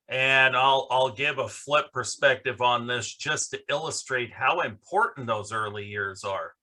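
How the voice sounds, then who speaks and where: A man leads a virtual panel discussion over a video call. He talks slowly and earnestly, stopping often for fillers. His voice has a bright, forward edge. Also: mid-range voice. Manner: slow, earnest, halting with fillers. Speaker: panel moderator. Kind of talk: virtual conference panel talk.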